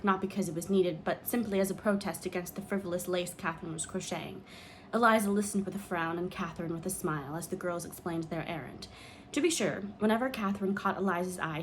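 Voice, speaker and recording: A woman narrating an audiobook in a measured, expressive way. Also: on the low side, a little hiss or hum. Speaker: audiobook reader.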